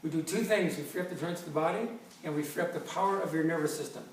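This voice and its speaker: An enthusiastic chiropractor in his fifties explains with props, joking and restarting his sentences in a fairly high voice. He sounds far from the mic in a very echoey room with faint background noise. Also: very fast. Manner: enthusiastic, jokey, stumbling restarts. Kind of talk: informal presentation with props.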